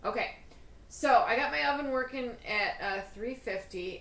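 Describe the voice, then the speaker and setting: A woman's voice: fairly high pitch, moderate pace, fairly bright tone, roomy sound, rough recording. A woman hosting her own cooking show, chatting casually in a bubbly, self-deprecating way with lots of fillers. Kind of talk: casual cooking vlog chat.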